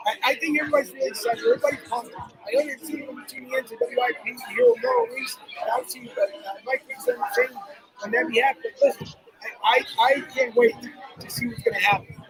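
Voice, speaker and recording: A man's voice: extremely high pitch, very animated, quick pace, a bit bright, soft background music, rough recording. A man hosting a sports talk show, rambling and repeating himself as he talks. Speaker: host. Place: loud sports bar.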